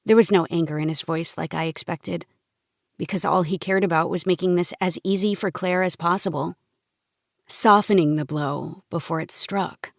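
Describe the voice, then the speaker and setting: A woman reading a first-person novel as an audiobook narrator, in a calm, measured storytelling manner. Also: on the low side, gravelly, dry recording, studio quality.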